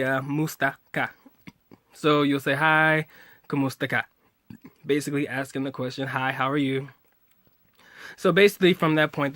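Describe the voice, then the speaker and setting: A man's voice: a little high, fairly bright tone, no echo. A man in his late twenties casually teaching simple phrases in a home video, joking and laughing easily with slangy talk. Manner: laid-back, joking, slangy, laughs often.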